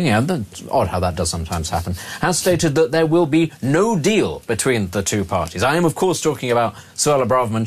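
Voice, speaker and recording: A man hosting a talk radio show, chatty and prone to tangents, interviewing a guest. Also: medium pitch.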